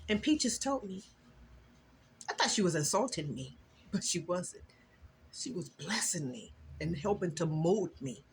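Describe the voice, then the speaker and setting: An older woman and grandmother sharing an earnest, emotional Christian testimony in a casual vlog, with a preachy, expressive delivery. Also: a little slow, long pauses, slight background noise. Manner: earnest, preachy and emotional, with lively swings in pitch. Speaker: vlogger.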